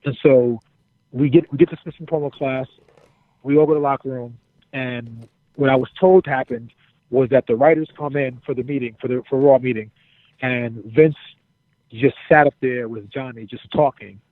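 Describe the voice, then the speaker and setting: A man's voice: mid-range voice, steady tone, moderate pace, no echo, phone-quality sound. A man telling a backstage story casually and animatedly, acting out quotes and swearing freely. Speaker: interview guest, former wrestler.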